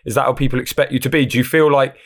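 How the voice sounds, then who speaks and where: A man's voice: mid-range voice, steady tone, racing. Man asking questions casually. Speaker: podcast co-host. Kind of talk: casual podcast chat.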